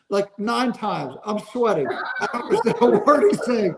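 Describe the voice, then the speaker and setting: A man in his seventies, a sports agent guest, telling stories with animated energy and frequent laughter. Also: high voice, moderate pace, vocal fry, rough recording. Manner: animated, laughs through anecdotes. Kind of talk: casual storytelling.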